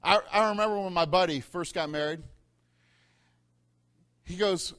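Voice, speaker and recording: A man's voice: fairly high pitch, normal speed, pauses often, a bit bright. A middle-aged man preaching a sermon, telling a funny story and building to emphatic points. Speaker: pastor.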